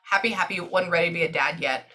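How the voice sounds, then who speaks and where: A Texan woman giving a medium's reading in an animated, chatty way, often pausing to listen. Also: fairly low pitch. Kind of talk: casual spoken reading session.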